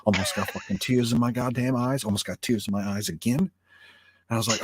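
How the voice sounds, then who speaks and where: A man co-hosting an online review show, telling stories in an animated, heavily profane way over a video call. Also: on the low side, quick pace, slightly rough, no room sound, clean studio sound. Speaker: podcast co-host. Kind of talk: casual review chat.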